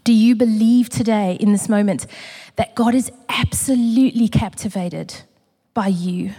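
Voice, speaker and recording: Woman giving an emotional church testimony, warm mellow voice, goes quiet and hushed at times. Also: mid-range voice, measured pace, husky. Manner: earnest, emotional, builds through repetition, drops to a hush. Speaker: church community speaker. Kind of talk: personal testimony sermon. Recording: long reverb of a large hall.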